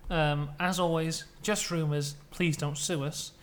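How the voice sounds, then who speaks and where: A British man co-hosting a podcast, telling a made-up comic story in a playful, deadpan way. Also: on the high side, a little slow. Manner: playful, deadpan tall tales. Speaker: podcast co-host.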